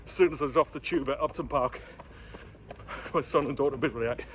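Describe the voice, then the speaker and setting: A man's voice: medium pitch, brisk, a bit bright. A middle-aged man from Newcastle with a Geordie accent tinged with London, chatting frankly while running outdoors through city streets and along a canal. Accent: Geordie mixed with London. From Newcastle, England. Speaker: running vlogger. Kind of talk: casual running vlog. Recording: clear urban background noise.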